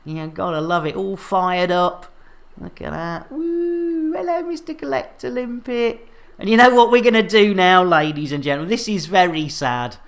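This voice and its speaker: A man's voice: high-pitched, animated, normal speed, vocal fry, a bit bright. Male streamer, cheeky and chatty, playful live gameplay commentary. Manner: jokey, innuendo-laden, chatty with viewers. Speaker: game streamer.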